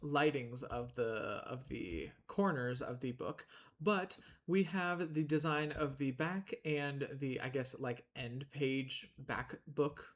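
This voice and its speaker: A young man chats his way through a gaming stream in a relaxed, rambling way. He talks at a middling pitch and sometimes speaks between bites of food. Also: slow pace. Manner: chatty, rambling, talks while eating. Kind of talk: casual gameplay commentary.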